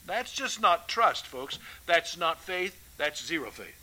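Bright-voiced male preacher. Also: on the high side, very animated, slow pace, few pauses, poor audio. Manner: emphatic, rhetorical questions, folksy asides. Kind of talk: sermon.

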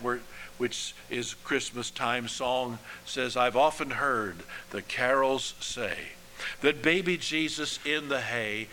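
A man preaching a sermon in a slow, earnest way, letting his phrases drop softly at the ends. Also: mid-range voice, a little hiss or hum, low-quality recording.

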